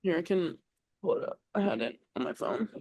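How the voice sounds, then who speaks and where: A woman's voice: lowish voice, expressive, brisk, dark tone. Young woman, earnest, casual chat, fillers like "like", guest on a talk show. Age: young adult. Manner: earnest, heavy use of "like". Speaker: podcast guest, college volleyball player. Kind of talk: casual conversation about faith.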